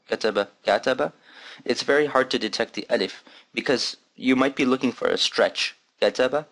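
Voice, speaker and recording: A man's voice: fairly low pitch, a bit bright. A man teaching a lesson, patiently demonstrating and repeating sounds. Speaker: Arabic teacher. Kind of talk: recorded language lesson.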